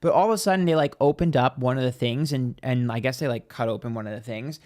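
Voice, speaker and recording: A man's voice: medium pitch, fast, a little mellow. A man guesting on a podcast, telling a long personal story in a chatty way, peppered with "like" and acted-out quotes. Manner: chatty, heavy use of "like", acts out quotes. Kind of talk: casual storytelling.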